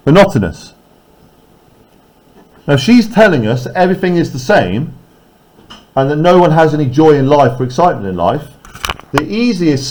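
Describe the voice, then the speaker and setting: A man's voice: on the high side, darkish tone. A man teaching a poetry lesson in class. He explains step by step, keeps checking in with "okay?" and "right?", and taps out rhythms aloud.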